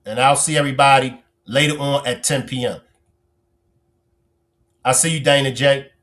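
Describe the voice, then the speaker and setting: A man hosting a casual livestream, reading and teasing viewers' comments in an animated way, stretching words for emphasis. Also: mid-range voice, moderate pace. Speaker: livestream host.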